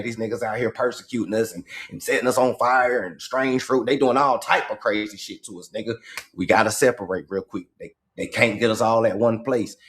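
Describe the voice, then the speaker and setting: Man, lowish voice, riffing on a live stream, slangy, profane, lecturing. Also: fairly quick, a bit bright. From Georgia, US. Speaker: livestream host. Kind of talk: casual livestream monologue.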